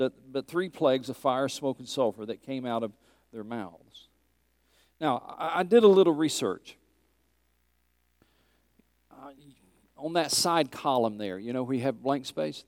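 Man, Bible teacher, mid-pitched, emphatic and questioning, close dry sound. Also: no echo. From Tennessee. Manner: earnest, emphatic, questions the class.

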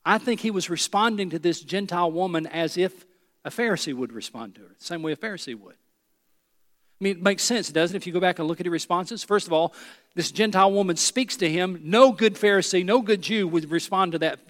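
A male pastor with a high-pitched voice delivers a sermon with dramatic pauses. His voice sinks low and quiet on key words, and it rings with a long hall reverb. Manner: preaching with dramatic pauses, dropping low and soft for emphasis.

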